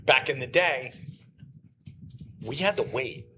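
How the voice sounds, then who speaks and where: A man guesting on a podcast, telling stories in animated casual chat and acting out the lines he quotes. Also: mid-range voice, slow, a little hiss or hum. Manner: animated storyteller who acts out quoted lines. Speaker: guest, comic book writer.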